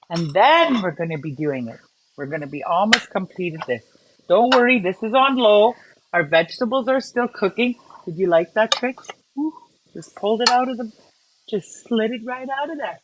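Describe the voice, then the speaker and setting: A woman's voice: a little high, a bit bright, a little hiss or hum, low-quality recording. A woman from Canada hosting a casual cooking livestream, chatting and greeting viewers by name while she cooks. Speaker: cooking show host.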